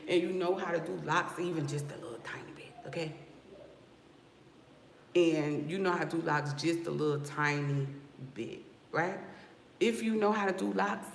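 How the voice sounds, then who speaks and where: A woman from Newark with a West Coast hip-hop inflected American accent, a loc stylist talking casually to her livestream viewers, sassy and animated. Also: sits low, vocal fry, slight background noise. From Newark, New Jersey. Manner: sassy, animated, addresses viewers with "y'all" and "okay?". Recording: roomy echo with faint background ambience.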